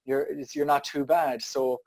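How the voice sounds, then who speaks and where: A man, a business founder guesting on a podcast, talking in an animated, jokey way with exasperated asides. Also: a little high, a little slow, dry recording. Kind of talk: casual conversational interview.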